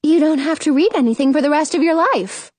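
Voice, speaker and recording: A woman's voice: high-pitched, fairly quick, a little mellow, no echo, pitched above the performer's own voice, natural voice. A woman doing a teasing, sing-song book lover. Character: playful young woman who loves books. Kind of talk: audiobook reading.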